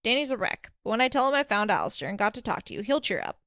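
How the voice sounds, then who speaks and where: Brief: woman doing a quick, earnest young woman, a bit flustered, dry close mic. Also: fairly high pitch, big pitch swings, a bit bright, no room sound. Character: young woman, anxious but sharp older sister.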